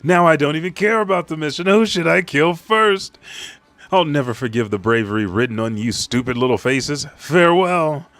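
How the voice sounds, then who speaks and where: A man's voice: on the high side, expressive, moderate pace, fairly bright tone, dry recording, voice pushed up. A man voicing a sadistic male villain knight, gloating and menacing as he reads a manga aloud.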